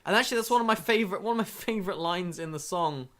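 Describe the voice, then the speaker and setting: A man's voice: sits high, very fast, pushed and bright. A man co-hosting a comedy review podcast, talking with sarcastic scorn. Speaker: podcast co-host. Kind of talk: casual review chat.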